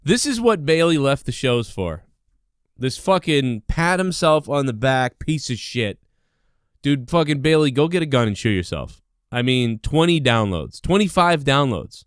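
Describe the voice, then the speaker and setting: Man, podcast host, profane sarcastic rant, swooping pitch, dry close sound. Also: very animated, unhurried, no echo. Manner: angry, sarcastic, swears constantly. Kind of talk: profane ranting monologue.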